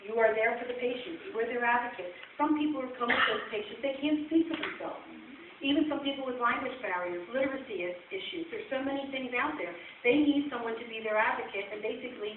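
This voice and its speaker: A woman presenting nursing case studies at a convention session and quizzing the audience as she goes. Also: mid-range voice. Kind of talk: conference talk. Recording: echoey hall from far off, phone-like and noisy.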